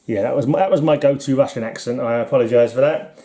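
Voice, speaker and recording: With a mellow mid-range voice and a quick pace, a British comic collector vlogger, middle-aged and from the United Kingdom, leafs through his comics while chatting and rambling. He keeps chuckling and being self-deprecating, his accent British English.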